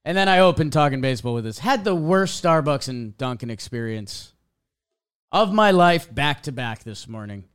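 A man's voice: mid-range voice, normal speed, smooth. A young man telling a casual story as a podcast host, acting out little quotes as he goes. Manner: animated storytelling, acts out quotes.

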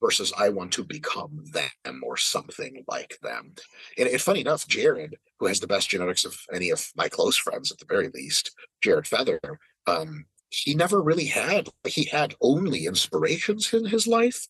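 Animated, husky-voiced man talking casually. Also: fairly low pitch, moderate pace, dry recording, rough recording. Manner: animated, swearing, mimics other people. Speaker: podcast host. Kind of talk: casual podcast conversation.

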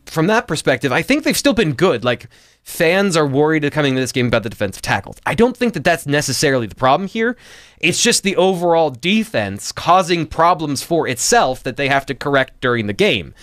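A man talking football tactics on a live sports show, analytical and a bit halting as he restarts his sentences. His voice sits at an ordinary pitch. The sound is dry and close. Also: a bit bright, no echo. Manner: analytical, frequent restarts and fillers. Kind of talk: casual sports talk.

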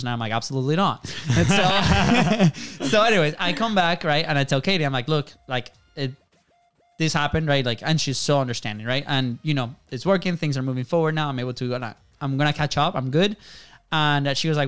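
A man's voice: a little high, a little fast, fairly bright tone, smooth, faint music behind. A man, a podcast host, telling a personal story in casual chat, rambling with restarts and tagging on "right?".

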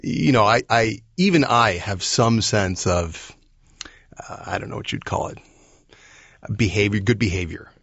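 A man's voice: on the low side, measured pace, vocal fry, fairly bright tone, slightly rough, no room sound, dull audio. A man as a guest on a podcast, joking in a wry, self-deprecating way. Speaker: guest screenwriter. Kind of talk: casual interview chat.

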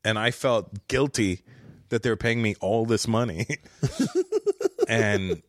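A man's voice: on the low side, slow pace, no echo, studio quality. A male comedian as a podcast guest at his house, telling stories in a casual chat and laughing often.

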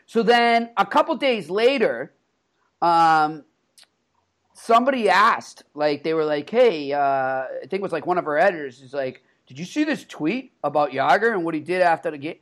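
Podcast co-host, man with a high voice, lively rambling anecdotes. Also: moderate pace. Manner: animated, laughing storyteller with frequent restarts. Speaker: podcast co-host, hockey reporter. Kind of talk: casual storytelling chat.

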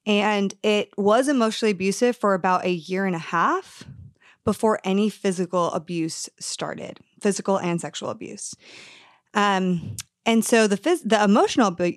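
A woman in her thirties talks as a podcast host in an earnest and candid way, mixing personal story with advice. Her voice sits in a middle pitch. It is recorded close and dry, with no room sound. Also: moderate pace, no echo. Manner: earnest, candid, acts out quoted dialogue.

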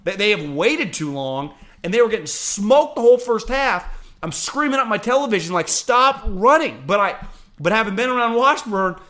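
A man in his thirties from Northern California, a former pro defensive lineman hosting casual sports talk, animated and blunt with frequent swearing. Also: high-pitched, a little fast.

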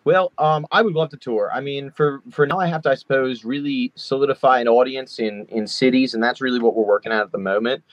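A man's voice: mid-range voice, a little fast, few pauses, no room sound. A man from Long Island, a guest musician, chatting casually in an interview over a video call, with lots of fillers. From Long Island, New York. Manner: rambling, lots of fillers and likes. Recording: dull lo-fi remote audio.

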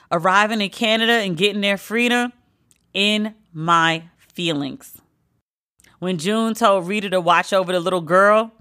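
A woman hosting a solo pop-culture podcast, talking in a sassy, sarcastic, animated way. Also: medium pitch. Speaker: podcast host.

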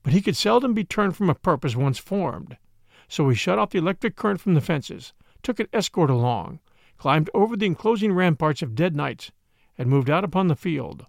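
A man reading a story aloud as an audiobook narrator, with expressive, shifting emphasis. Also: on the high side, creaky, no room sound, clean studio sound.

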